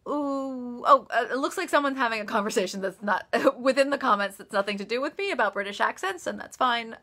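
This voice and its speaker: A woman's voice: fairly high pitch, bright, forceful tone. A woman author chatting casually on a live stream, answering viewer questions with frequent laughs, ums and restarts. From United States. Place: office.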